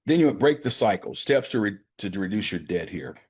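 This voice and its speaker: Calling his audience gentlemen and brothers, this banker talks them through practical financial literacy on a prayer call. His lowish, husky voice swings widely in pitch while keeping a moderate pace.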